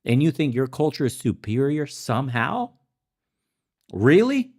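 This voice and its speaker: Speaking in the Balkans at a normal speed, a male podcast host with a medium-pitched, slightly mellow voice rants through his commentary. He's an immigrant to America, swears heavily, erupts in heated outbursts, and sometimes laughs at himself.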